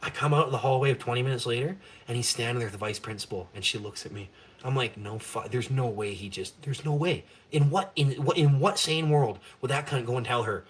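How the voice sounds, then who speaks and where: Fast, profane ranting young man. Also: mid-range voice. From Canada. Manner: profane, blunt, fired-up ranting. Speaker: live-stream host. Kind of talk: ranting casual chat.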